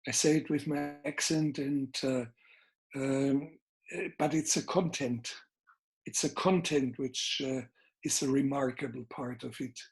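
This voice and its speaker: An older man with a Bavarian German accent, a filmmaker guest in an interview, speaking in measured, deliberate, emphatic phrases. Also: medium pitch, steady tone. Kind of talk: interview conversation.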